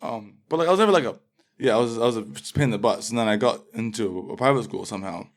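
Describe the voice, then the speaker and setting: A man's voice: mid-range voice, quick pace. A man from England, the guest in a casual interview, talking in a laid-back, rambling way with lots of fillers.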